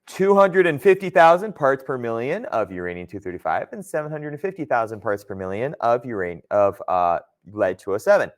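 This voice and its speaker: A man's voice: mid-range voice, big pitch swings, a little fast, few pauses. A man teaching a geology class in a conversational lecture style, often checking in with his students. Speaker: geology instructor.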